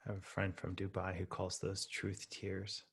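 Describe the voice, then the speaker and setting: A man's voice: deep voice, monotone, normal speed, gravelly, a bit bright, husky. A man from Pittsburgh hosting a casual interview, reflective and rambling in his phrasing. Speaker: interview host, coach training co-founder.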